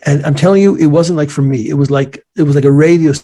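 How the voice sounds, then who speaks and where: A man in his forties, a guest in an interview, telling a personal story in an earnest, halting way with many restarts. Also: a little high, fairly even intonation, mellow.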